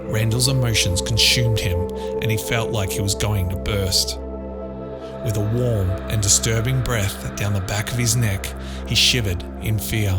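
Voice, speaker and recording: Male narrator, deep-ish voice, measured and dramatic audiobook reading, loud guitar music under him. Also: fairly even intonation. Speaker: author and narrator. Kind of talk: audiobook narration of a dark thriller.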